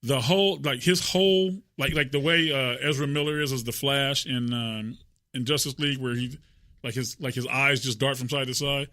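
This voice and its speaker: Man, podcast host, bright voice, stammers and repeats, dry close sound. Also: medium pitch, moderate pace, dry recording. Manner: stammering, repeats words when excited. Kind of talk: casual chat.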